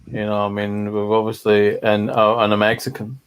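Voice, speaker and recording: A man's voice: fairly low pitch, monotone, normal speed, background noise. A man, a guest in a casual chat, teasing and bantering. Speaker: stream guest.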